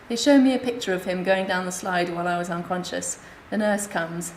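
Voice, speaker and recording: A woman speaking at a conference, reading her comic memoir aloud in a wry, deadpan way. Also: lowish voice, a little fast, few pauses. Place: hospital conference room. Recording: echoey lecture room, faint hiss.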